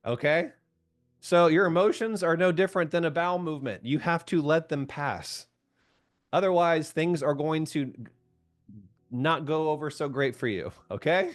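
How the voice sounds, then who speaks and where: A man's voice: fairly high pitch, normal speed. A man leading a group call as a coach, chatting casually, asking his listeners questions and laughing often. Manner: chatty, asks the audience questions, laughs often, keeps saying "right?"; reads out and answers viewers' comments by name.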